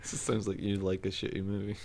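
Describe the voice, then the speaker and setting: Low-voiced man ranting on a podcast. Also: level tone, a little fast, a little mellow, a little hiss or hum. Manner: opinionated, swears freely, ranting. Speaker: podcast co-host. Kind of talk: casual podcast chat.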